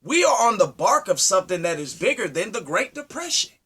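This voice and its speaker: Lively, confrontational man preaching. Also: brisk, breathy edge. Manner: preachy, confrontational, asks rhetorical questions; wide swings from loud to low. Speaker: speaker addressing his community. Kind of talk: impassioned monologue.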